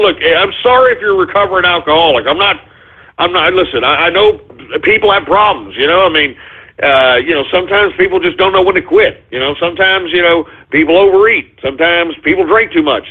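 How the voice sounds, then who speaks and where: A man's voice: high voice, breathy edge. A male radio show host in a ranting talk monologue, agitated and sarcastic, swearing as he goes. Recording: phone-like call-in radio audio.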